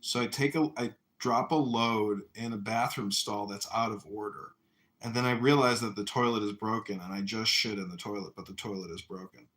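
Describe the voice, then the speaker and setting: An American man telling a story in a casual chat, animated, acting out shouted voices. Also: fairly low pitch, fairly quick. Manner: animated, acts out yelling voices in stories. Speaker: podcast host.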